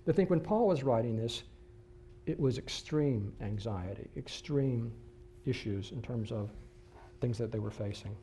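Unhurried and medium in pitch, this pastor recounts a personal story in his sermon, alternating animated, excited bursts with quiet passages. Slight background noise can be heard.

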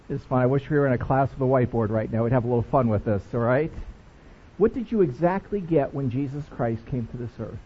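A man's voice: medium pitch, brisk, pauses often, husky. A man preaching a sermon as pastor, playful and jokey with his congregation. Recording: dull lo-fi recording.

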